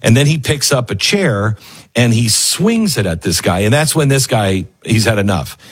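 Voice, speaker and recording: Guy doing snarky news commentary, husky voice, mid pitch, does little voices for quotes. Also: very animated, normal speed. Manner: sarcastic, acts out quotes in other voices. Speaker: commentary show host.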